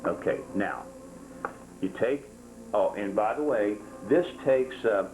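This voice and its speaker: A man's voice: lowish voice, slow pace, darkish tone, soft background music, low-quality recording. An older man demonstrating how to make a rosary to a small class, folksy and jokey, repeating himself and counting steps aloud. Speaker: rosary-making instructor. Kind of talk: hands-on craft demonstration.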